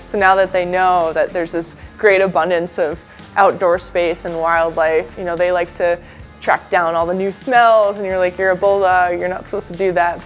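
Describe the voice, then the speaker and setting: A young woman from California in a relaxed, chatty interview, full of "you know"s. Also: fairly low pitch. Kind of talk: casual interview talk. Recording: faint music underneath.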